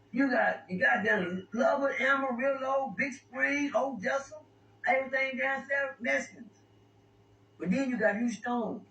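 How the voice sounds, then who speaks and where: Brief: high-pitched man, stammering storyteller, recorded far off in a roomy space. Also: a bit bright. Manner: rambling, stammering with repeated words. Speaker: interview guest. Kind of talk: casual storytelling. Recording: echoey room, distant mic, faint noise.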